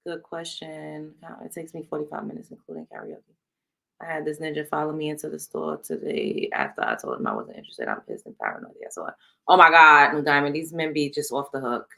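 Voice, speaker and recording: A woman's voice: deep voice, very animated, brisk, creaky. A woman with a New York accent hosting a casual livestream, reading viewer questions and talking bluntly with lots of profanity. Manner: blunt, profane, reads chat aloud. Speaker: livestream host.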